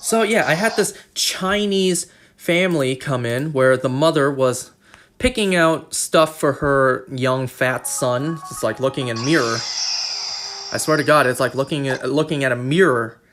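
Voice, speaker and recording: Chatty Canadian streamer over game music. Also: male voice, mid-range voice, normal speed, a bit bright. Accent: Canadian English. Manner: rambling, chatty, repeats himself. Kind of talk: casual chat while gaming.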